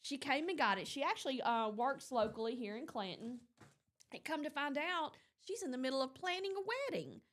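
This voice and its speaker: A woman's voice: high-pitched, expressive, fairly quick, fairly bright tone. A woman hosting a morning show, chatting casually and telling stories with lots of fillers. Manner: chatty storyteller, rambling with fillers. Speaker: radio morning show host. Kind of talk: casual on-air chat.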